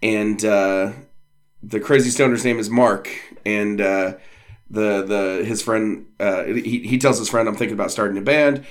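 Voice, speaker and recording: A man's voice: lowish voice, fairly even intonation, unhurried. Hesitant man on a podcast. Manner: hesitant, many fillers, reads aloud. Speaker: podcast co-host. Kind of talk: casual chat.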